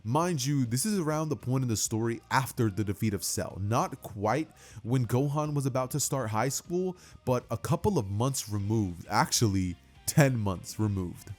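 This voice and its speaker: Man, casual fan story narration, chatty, asides, husky, lively pitch. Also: normal speed, hardly any pauses, faint music behind. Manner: chatty, filler-laden, asides to listener.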